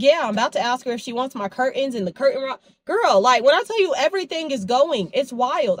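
Woman, twenties, casual vlog talk, chatty and animated, quoting conversations, phone camera. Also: sits high, brisk, dry recording. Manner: chatty, animated storytelling with quoted dialogue. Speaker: vlogger. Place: in her car and at home.

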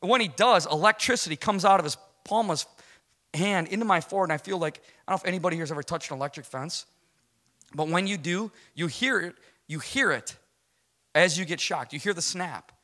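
Brief: quick-talking middle-aged man, fairly high voice, lively church testimony. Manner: storytelling, acts out quotes, casual slang. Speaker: guest speaker giving a testimony. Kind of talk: animated spoken testimony.

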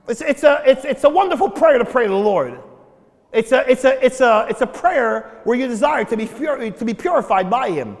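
A pastor delivers a sermon from the pulpit, stumbling over repeated words before bursting into shouted prayers. His voice sits very high for a man. The sound trails off in the long reverb of a big church hall. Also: animated, normal speed.

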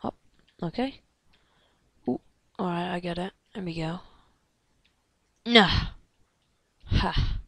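A woman giving let's play commentary, excitable and gasping, chattering at game characters and dropping into hushed whispers. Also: fairly low pitch, slow pace, gravelly, pauses often, no echo. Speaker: gamer.

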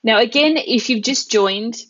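A woman running a live online Italian lesson, drawing out each example word slowly and clearly. Her voice is close and dry, with a slightly dull, muffled sound. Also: a little high, fairly bright tone, no room sound. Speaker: Italian language teacher.

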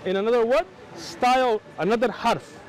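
A man's voice: moderate pace, poor audio. An American man in a heated street debate, insistent and interrupting, explaining points at length. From United States. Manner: insistent, interrupting, explaining with rising animated pitch. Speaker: Muslim street preacher.

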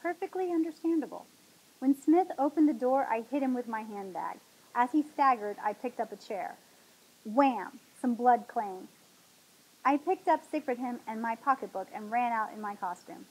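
Woman host reading a novel out loud, husky, kinda high, dramatic. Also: moderate pace, low-quality recording. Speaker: talk show host.

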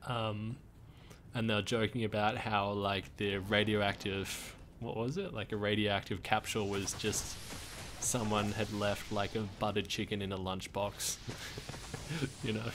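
A man's voice: lowish voice, level tone, a little slow, noisy background. A man chatting casually on a game stream, laid-back, chuckling often and swearing casually. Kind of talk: casual gaming stream chat.

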